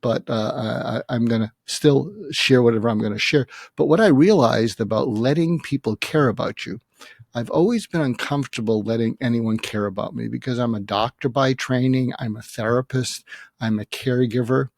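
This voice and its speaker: A man in his seventies, a psychiatrist guest, talking earnestly and haltingly in a reflective interview, emotional as he faces his own death. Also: mid-range voice, gravelly, a little mellow, no room sound, studio quality. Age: 70s. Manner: earnest, halting, many restarts and fillers.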